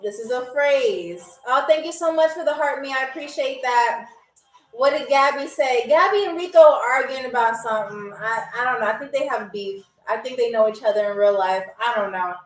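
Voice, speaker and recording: A woman hosting a live-stream game show, playful and teasing with viewers, often slowing down to repeat words carefully. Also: a little high, far from the mic. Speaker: game show host on a livestream. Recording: echoey room.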